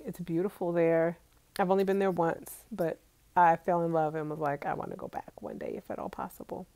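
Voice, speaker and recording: A woman's voice: mid-range voice, dark tone, no room sound. Chatty woman vlogger reading live comments. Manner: chatty, laughs often, talks straight to viewers. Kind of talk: casual live-stream chat.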